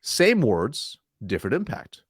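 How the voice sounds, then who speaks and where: A man answering interview questions about sales calls, energetic, acting out timid and confident voices. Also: measured pace. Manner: energetic, demonstrates weak and confident tones by shifting his pitch. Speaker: sales consultant, guest.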